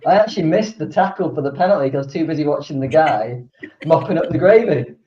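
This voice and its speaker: A man talks easily as a podcast guest, chatty and amused. His voice is a touch high. The audio is roomy, echoey and muffled. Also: animated, fast. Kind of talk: casual podcast chat. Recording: echoey, dull lo-fi remote audio.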